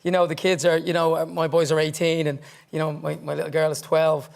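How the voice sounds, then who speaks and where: A man's voice: on the high side, flat delivery, a little fast, creaky, darkish tone. A middle-aged Irish man, a band member on a talk show, telling stories chattily and laughing easily. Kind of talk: anecdotal talk show chat.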